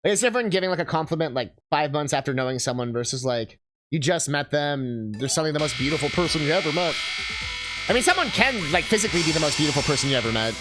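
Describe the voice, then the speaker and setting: A man's voice: on the high side, lively intonation, fast talker. A male livestreamer chatting casually while playing a game, rambling with lots of fillers and swearing freely. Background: game music.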